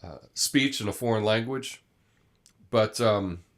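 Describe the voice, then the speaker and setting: A man's voice: on the low side, slow pace. Chatty male host with frequent fillers. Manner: conversational, frequent fillers and restarts. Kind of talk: live commentary monologue.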